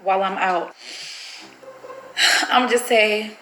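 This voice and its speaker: A woman's voice: medium pitch, fairly even intonation, takes it slowly, a bit bright. Woman vlogger, chatty, nervous, addresses viewers, echoey room with faint hiss. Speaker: vlogger pulling a prank on her partner. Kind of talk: casual vlog chat.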